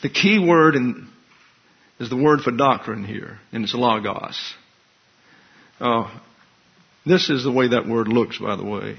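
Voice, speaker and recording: A man's voice: medium pitch, measured pace, vocal fry, long pauses, husky. A man pastor giving an expository sermon, teaching in a wry, conversational way with asides. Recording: dull lo-fi recording.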